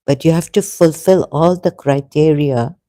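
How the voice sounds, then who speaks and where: A religious video commentator delivers an emotional monologue to camera in a dark voice that sits on the high side. He speaks haltingly and earnestly, pleading, with many restarts and fillers. The recording has no echo.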